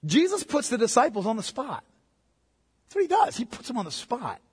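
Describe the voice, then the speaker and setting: Middle-aged pastor guy preaching, husky voice, pitch all over the place, big echoey church. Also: a little fast. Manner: animated, conversational preaching with joking asides. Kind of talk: sermon. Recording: reverberant hall.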